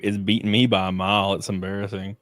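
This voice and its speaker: A man's voice: on the low side, flat delivery, quick pace, a bit bright, dry recording, clean studio sound. A man cracking crude jokes in casual livestream banter. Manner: crude, joking.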